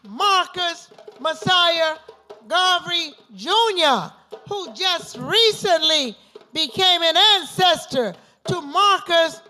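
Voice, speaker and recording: A woman's voice: very high-pitched, bright, forceful tone, slight background noise. A woman leading a libation ceremony, chanting invocations and repeated call-and-response refrains. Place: gathering at an institution.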